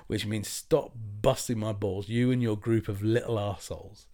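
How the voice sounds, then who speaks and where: Lively storytelling podcast man. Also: fairly low pitch, brisk, hardly any pauses. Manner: animated anecdote teller, acts out quotes. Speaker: podcast co-host. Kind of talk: casual chat, storytelling.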